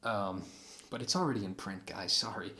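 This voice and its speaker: A man's voice: on the low side, normal speed, bright, forceful tone. A man giving a casual guitar lesson, explaining patterns and counting beats aloud as he plays. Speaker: guitar teacher. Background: acoustic guitar playing.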